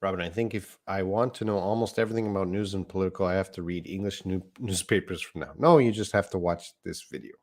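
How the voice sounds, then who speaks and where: A man's voice: sits low, fast talker, hardly any pauses, darkish tone. A man teaching a live online English lesson, explaining words patiently and reading out viewer comments.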